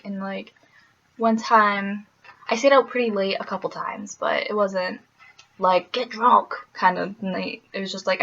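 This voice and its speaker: A woman's voice: medium pitch, gravelly, fairly bright tone, a little hiss or hum. Young adult woman from the Midwest, laughing vlogger chat, slightly muffled recording. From American Midwest. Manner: chatty, laughing, full of fillers. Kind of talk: casual vlog chat.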